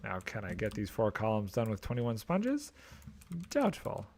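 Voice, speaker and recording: A man with a lowish, mellow voice streams a video game, chatting casually and thinking aloud into a desk microphone as he plays, mildly exasperated but joking. His pitch swings hugely and his pace is moderate. There is slight background noise.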